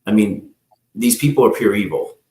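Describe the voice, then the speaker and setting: Low-voiced man telling his story in a roomy echo. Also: lively intonation, normal speed, darkish tone. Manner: rambling storytelling, acts out the people in his story and addresses the host by name. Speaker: guest. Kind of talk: telling a personal story on a live talk show.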